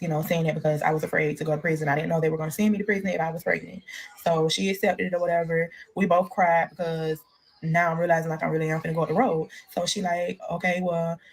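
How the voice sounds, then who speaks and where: Fast-talking woman telling a story. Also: lowish voice. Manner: candid, profane, acts out quoted voices. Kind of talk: casual storytime.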